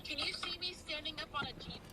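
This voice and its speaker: A woman's voice: sits high, fast talker, a crowd in the background. A young woman, a friend of the host, teasing playfully in casual chat.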